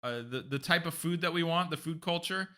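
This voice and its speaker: A man's voice: fairly high pitch, fairly quick, bright, forceful tone. A man chatting casually with live stream viewers, rambling and talking straight to the chat. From United States.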